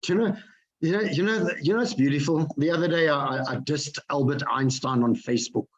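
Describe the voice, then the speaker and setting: A husky, fairly high-voiced man delivers an energetic motivational talk over a video call. He keeps firing questions at his listeners and hammers home his phrases through repetition. The sound is dull and lo-fi. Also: brisk. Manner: energetic, repeats phrases, asks the audience questions. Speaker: motivational speaker. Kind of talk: motivational talk to an online group.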